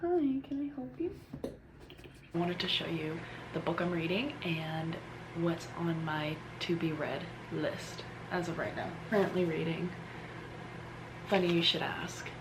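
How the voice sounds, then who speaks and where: A young woman vlogging casually at home, chatty and self-deprecating, trailing off mid-sentence. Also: fairly low pitch. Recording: noisy home recording.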